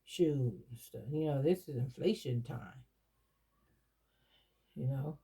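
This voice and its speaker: A woman's voice: very deep voice, slow, creaky, mellow, husky. A middle-aged woman chatting casually to her viewers, rambling with many restarts and fillers. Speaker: doll collector vlogger. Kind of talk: casual chat to camera.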